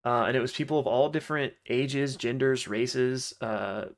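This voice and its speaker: Guy recapping a game episode, loose and chatty, lots of likes and you knows, mid pitch. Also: normal speed. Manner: loose retelling with many fillers. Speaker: podcast host recapping an episode. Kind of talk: casual recap chat.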